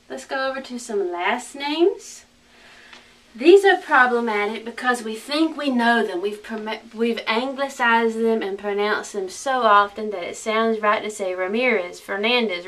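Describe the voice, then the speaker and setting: A woman teaching Spanish pronunciation in a recorded lesson, slowly drilling each word with careful repetitions. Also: fairly high pitch, a bit bright.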